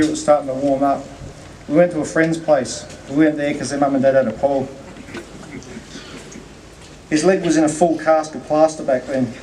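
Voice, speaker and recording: A man's voice: on the high side, mellow, slight background noise. A man giving a eulogy at a memorial, telling a humorous story with acted-out dialogue. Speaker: eulogy speaker. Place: memorial gathering. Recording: distant mic with audible room ambience.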